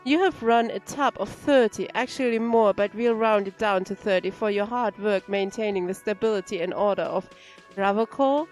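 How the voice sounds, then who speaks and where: A woman's voice: mid-range voice, normal speed, darkish tone, faint music behind, natural voice. A woman voicing a defensive, irritable male cafeteria manager, reading game dialogue aloud in an exasperated, lecturing way.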